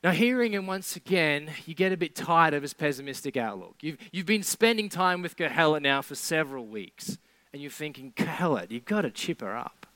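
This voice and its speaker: A man's voice: fairly high pitch, expressive, a little fast, fairly bright tone, clean tone, dry recording. A man preaching a sermon in a conversational way, with sarcastic asides.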